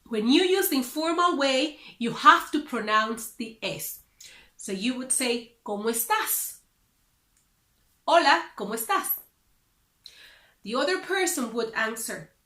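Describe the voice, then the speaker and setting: Upbeat woman language teacher, very animated and unhurried, in a roomy space. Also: sits high. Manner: upbeat, careful, explains slowly. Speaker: Spanish teacher. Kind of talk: beginner language lesson.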